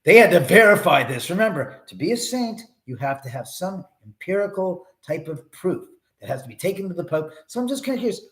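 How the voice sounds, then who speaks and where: A man's voice: high voice, sing-song, brisk, few pauses, fairly bright tone. A middle-aged man hosting a live stream from his home, chatting casually in a rambling, profane way.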